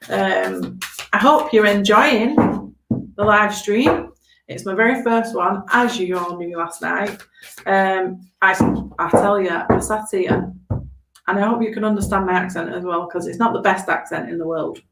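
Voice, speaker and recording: A woman's voice: mid-range voice, a little slow, vocal fry, a bit bright, roomy sound, rough recording. A woman giving chatty, reassuring tarot readings on a live stream, often checking in with okay. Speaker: tarot reader.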